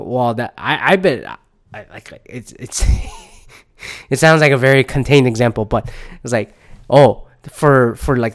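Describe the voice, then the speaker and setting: Man, solo podcast host, casual rambling rant, frequent swearing, tired and under the weather, smooth clear voice. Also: medium pitch. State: low on energy, under the weather.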